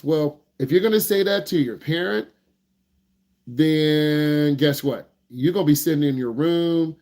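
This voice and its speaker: A man teaching driving on a live online Q&A, lively and joking, acting out parents as he talks. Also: fairly high pitch, measured pace. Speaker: driving instructor.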